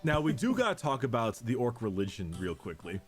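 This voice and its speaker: A man's voice: medium pitch, big pitch swings, brisk, soft background music. A man co-hosting a casual podcast, explaining lore in a rambling way with many repeated words and restarts.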